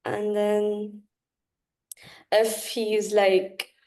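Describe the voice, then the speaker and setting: A woman's voice: medium pitch, completely flat delivery, very slow, darkish tone. Hesitant young woman student. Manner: hesitant, lots of fillers, giggly. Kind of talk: practice speaking-test answer.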